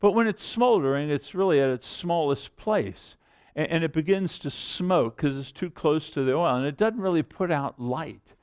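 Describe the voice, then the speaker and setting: A man's voice: on the high side, expressive, normal speed, darkish tone. A middle-aged man preaching a sermon in an earnest, conversational way, building to emphatic points. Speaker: pastor.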